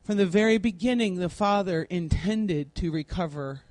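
A woman teaching a Bible class in a classroom, deliberately spelling out word meanings one at a time while she writes on a board. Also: lowish voice, a little mellow, dry recording.

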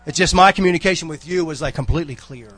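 A man, speaking casually to a church congregation. He rambles in a folksy way, breaking off into asides and stories. The delivery is a relaxed, unscripted church exhortation. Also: a little high, fast, slightly rough. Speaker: church member giving a talk.

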